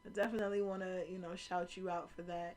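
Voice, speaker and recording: Animated, profane woman podcast host. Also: on the low side, fast. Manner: animated, profane storytelling with loud acted-out quotes. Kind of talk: casual storytelling chat. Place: home room near a kitchen window.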